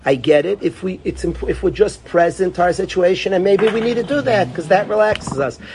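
Teaching Torah in a relaxed class setting, a man talks fairly quickly in a voice that sits high. He chats with the group, repeats phrases, and addresses students by name.

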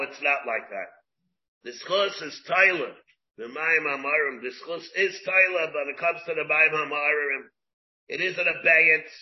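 A man, a rabbi, teaching a Talmud class, explaining slowly in English dotted with Hebrew and Aramaic terms, with many restarts. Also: fairly high pitch. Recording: dull lo-fi class recording.

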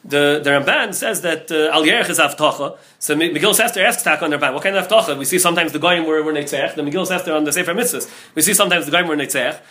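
Male rabbi lecturing on Talmud; rapid, repetitive delivery with a high, bright voice. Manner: rapid, repetitive, heavy with Hebrew and Yiddish terms.

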